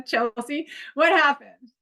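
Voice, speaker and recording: High voiced woman teaching a workshop on a video call, chatty and encouraging. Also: very slow, sharp tone. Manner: encouraging, conversational, with playful demonstrations. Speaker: workshop instructor. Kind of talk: leading an improv exercise in a training workshop.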